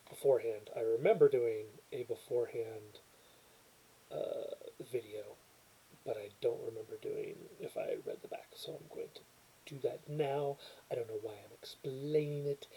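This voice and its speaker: A man's voice: mid-range voice, vocal fry, dark tone, slight background noise, low-quality recording. A man chatting casually at home into his laptop webcam, rambling and self-deprecating, with frequent restarts as he reads a movie's cover blurb aloud. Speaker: movie reviewer. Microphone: built-in webcam or laptop mic, new mic not set up.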